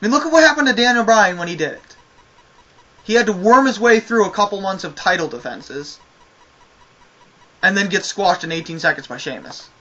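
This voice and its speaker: A man's voice: high-pitched, expressive, brisk, pauses often, sharp tone, lo-fi sound. A man giving a casual spoken review of a wrestling show, ranting with exasperation and a lot of swearing.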